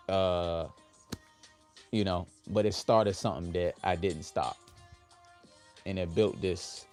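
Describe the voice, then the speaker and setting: A man with hosting a motivational livestream, leading affirmations with his audience in an upbeat, drawn-out way. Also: sits low, darkish tone. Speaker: livestream host.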